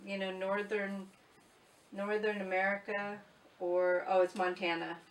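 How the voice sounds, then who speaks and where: Slow, chatty woman in an echoey room. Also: mid-range voice, level tone. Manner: chatty, blunt, self-mocking. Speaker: booktuber. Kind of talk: casual book unhaul vlog. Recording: echoey room, mic at a distance.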